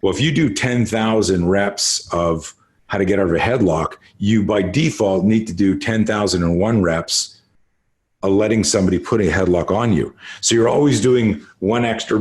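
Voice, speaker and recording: Emphatic low-voiced man in his late 50s. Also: normal speed. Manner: animated, emphatic storyteller who swears freely. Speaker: martial arts instructor, podcast guest. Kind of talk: casual storytelling interview.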